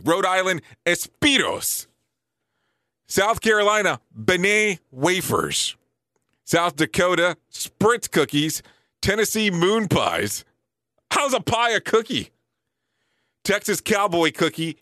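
A man around forty hosting a casual show, reading lists quickly and breaking in with surprised, joking asides. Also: fairly high pitch, pushed and bright, dry recording, clean studio sound. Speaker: show host.

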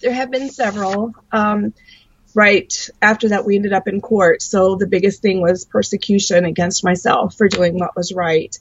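A woman guest sharing her testimony as a mother, earnest and halting with many ums. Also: medium pitch, steady tone, husky. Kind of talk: faith testimony in an interview. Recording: dry, dull lo-fi sound.

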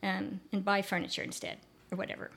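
A woman's voice: medium pitch, completely flat delivery, fast talker, vocal fry, fairly bright tone. An older woman chatting as a guest in an interview, enthusiastic and rambling, with frequent restarts. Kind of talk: casual conversational interview.

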